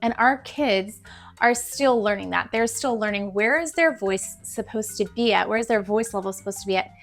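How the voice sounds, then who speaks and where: A woman's voice: medium pitch, moderate pace. A young adult woman teacher talking casually to camera, giving classroom tips in a chatty, encouraging way that repeats things for emphasis. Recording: faint background music.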